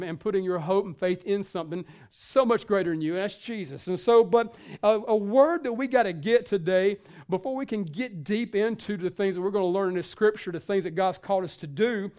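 A man's voice: sits high, a little mellow. A male pastor giving a sermon in a conversational way, with many fillers and restarts.

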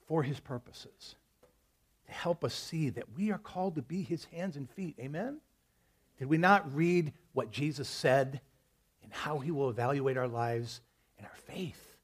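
During a church service, a male pastor preaches to his congregation conversationally, weaving stories between scripture quotes. His voice is slightly high with a breathy edge.

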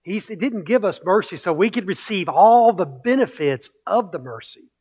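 A man's voice: high-pitched, lively intonation, normal speed, darkish tone, slightly rough. A male pastor preaching a sermon, emphatic, repeating key phrases and building with rhetorical questions.

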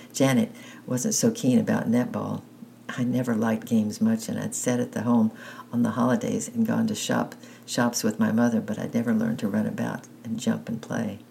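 A man narrating a children's story aloud, unhurried and plain. His voice is gravelly and dark. He makes small slips and restarts now and then. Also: on the low side, slight background noise, poor audio.

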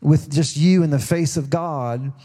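A man's voice: on the high side, measured pace, mellow. A middle-aged man preaching a sermon in a folksy, conversational way, often restarting his sentences. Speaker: pastor.

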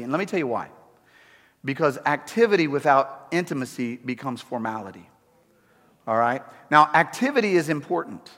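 A male pastor preaching a sermon in an animated style, repeating himself and throwing in humorous asides. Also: medium pitch, fairly quick. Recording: echoey hall.

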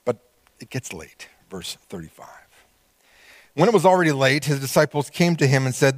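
A male pastor preaching a sermon, animated and conversational, acting out quoted voices with small laughs. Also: mid-range voice, normal speed, dry recording.

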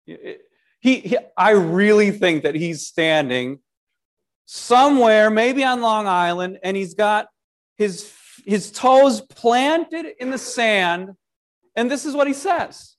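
Slow, high-voiced animated man preaching. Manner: animated, many restarts and repeated words, rhetorical questions. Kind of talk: short devotional sermon.

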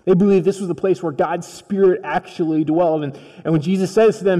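A man's voice: high-pitched, steady tone, a little fast, few pauses, dark tone. A man preaching a sermon in a conversational storytelling style, acting out dialogue as he goes. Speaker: pastor. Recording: long reverb of a large hall.

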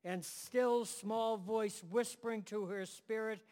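A man's voice: high-pitched, fairly even intonation, slow pace, darkish tone, long reverb tail. A man preaching a sermon to a room and online audience, emphatic, building phrases in repeated lists.

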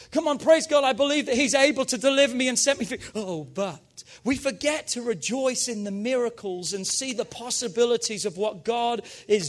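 A man preaching a sermon as pastor, energetic and emphatic, urging his congregation on. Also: very high voice.

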